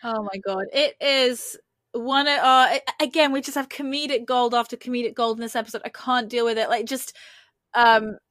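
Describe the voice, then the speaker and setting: A woman co-hosting a casual podcast, chatting excitedly about a TV episode, giggling often and acting out quoted lines. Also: a little high, normal speed, no echo, studio quality. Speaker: podcast co-host.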